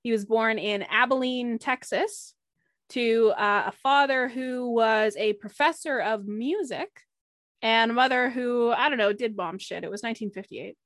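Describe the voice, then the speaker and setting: A woman's voice: on the high side, unhurried, a bit bright, no echo, studio quality. A woman co-hosting a casual podcast, presenting her topic in a chatty, blunt way with swearing and asides.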